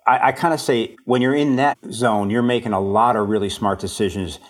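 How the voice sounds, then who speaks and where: A man's voice: medium pitch, fairly even intonation, fairly quick. A man, an author, chatting as a podcast guest in a reflective, self-deprecating way, laughing often. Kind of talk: casual interview chat.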